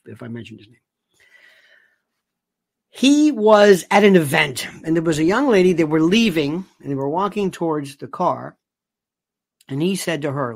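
A man talks straight to his audience with a gravelly, fry-edged voice, leaning on repeated words for emphasis. The recording is dry and close, with no room sound at all. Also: fairly high pitch, dry recording. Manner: chatty, emphatic, repeats himself for stress. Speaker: online commentator. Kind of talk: casual commentary to camera.

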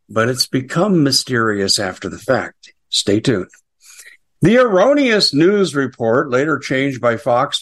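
A man's voice: medium pitch, fairly bright tone, husky. A middle-aged American man hosting a casual political commentary show, chatty and sarcastic with frequent asides.

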